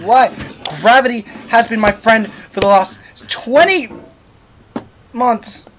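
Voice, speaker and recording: Guy yelling at a game he's playing, drawn-out exasperated lines, lo-fi mic with loud hiss and clicks. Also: extremely high pitch. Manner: exasperated, exclaiming, pleading with the game. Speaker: gamer. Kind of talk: gameplay commentary.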